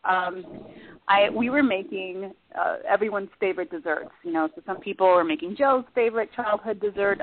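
A woman guest on a radio talk show, telling a story in a lively, casual way and acting out shouted quotes. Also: medium pitch. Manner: animated, acts out shouted quotes. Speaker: guest, former cooking show contestant. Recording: tinny phone line, faint hiss.

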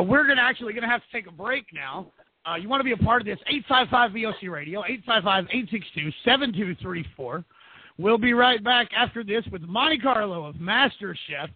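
Ведущий-мужчина, голос высокий и хрипловатый, подача буднично-деловая; сухой телефонный звук. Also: male voice, high voice, expressive, brisk, slightly rough, no room sound. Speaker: radio talk show host. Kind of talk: on-air host announcements. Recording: dry phone-like sound.

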